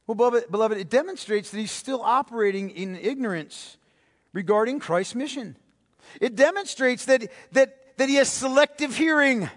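A male preacher giving a sermon, emphatic and repeating key phrases, swinging between loud and hushed delivery. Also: very high-pitched, animated, moderate pace. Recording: long reverb of a large hall.

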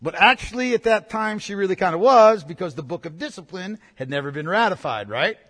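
High-voiced man lecturing casually on history. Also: long reverb tail. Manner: casual, animated storytelling with fillers like "man" and "you know".

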